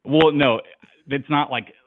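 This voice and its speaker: A man's voice: fairly high pitch, fairly even intonation, takes it slowly, dry recording. A man calling in to a live show, rambling in a laid-back way with lots of fillers. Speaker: caller. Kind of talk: casual call-in chat. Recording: tinny phone line.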